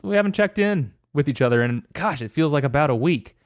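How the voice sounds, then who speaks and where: A man's voice: a little high, lively intonation, brisk, dry recording. A man hosting a podcast in casual chat, with a dry delivery that comes across as sarcastic. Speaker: podcast host.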